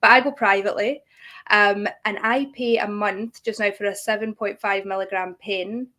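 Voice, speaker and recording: A woman's voice: medium pitch, steady tone, normal speed, sharp tone. Friendly woman explaining step by step. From United Kingdom. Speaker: guest, content creator. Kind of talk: casual interview.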